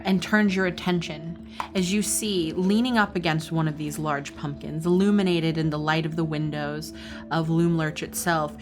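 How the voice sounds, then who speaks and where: A woman running a tabletop game as game master, narrating scenes in detail with frequent pauses and ums. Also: lowish voice. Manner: descriptive storytelling with frequent ums.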